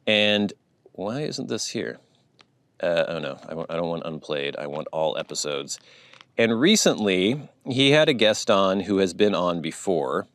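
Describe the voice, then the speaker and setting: A man's voice: low voice, sing-song, a little slow, fairly bright tone, no room sound. A man from the United States, hosting his channel in a rambling, casual chat to camera. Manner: rambling, chatty, thinking aloud. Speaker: YouTube channel host.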